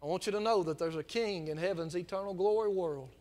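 A male preacher with a fairly high voice delivers a sermon. He drops low and quiet to tell a story, then builds into loud, fervent exhortation. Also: fast talker. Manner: impassioned preaching that swells from quiet storytelling into near-shouting. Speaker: pastor.

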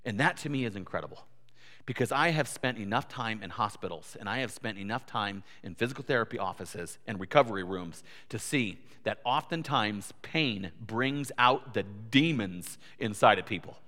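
A man's voice: fairly low pitch, expressive, normal speed, bright, forceful tone. A man preaching a sermon as pastor, earnest, building to emphatic peaks and often repeating words. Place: church sanctuary. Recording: long church hall reverb.

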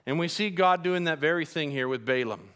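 Male preacher, animated sermon, folksy asides, bright tone, pitch a bit high. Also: fairly quick, smooth.

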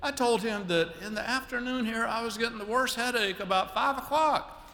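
A man voicing a gracious elderly lady in a high, genteel, lilting way. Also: moderate pace, sharp tone, full character voice. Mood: chatty. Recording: long reverb of a church hall, faint noise.

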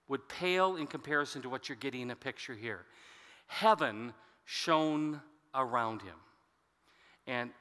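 A man's voice: medium pitch, pushed and bright, long reverb tail. A man preaching a sermon as pastor, explaining scripture with conversational asides to the congregation.

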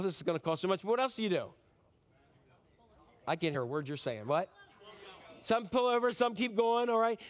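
A pastor giving a conversational sermon, asking the congregation questions and acting out pleading prayers. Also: male voice. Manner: acts out frantic prayers in a higher, pleading voice.

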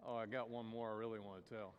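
A man's voice: fairly low pitch, fairly even intonation, fast talker, dull audio. Folksy man preaching in an echoing church. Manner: folksy storytelling. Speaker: pastor. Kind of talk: sermon with jokes and stories. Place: church sanctuary. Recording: reverberant church hall.

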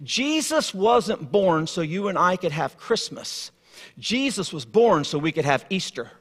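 A man preaching a sermon in a church, telling stories and moving from hushed tones to lively asides. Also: high-pitched, measured pace. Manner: storytelling, swings from hushed to lively. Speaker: guest preacher. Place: church sanctuary. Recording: long hall reverb.

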